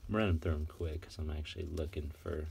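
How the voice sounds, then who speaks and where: Deep-voiced man excitedly sorting cards. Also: quick pace, gravelly, slight background noise. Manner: excited, rattling off card names. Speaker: card collector vlogger. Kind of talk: casual unboxing chat.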